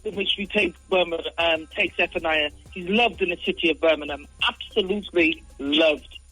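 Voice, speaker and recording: A man speaking as a radio show guest in a casual discussion, earnest and measured. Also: fairly high pitch, sharp tone, faint music behind, low-quality recording.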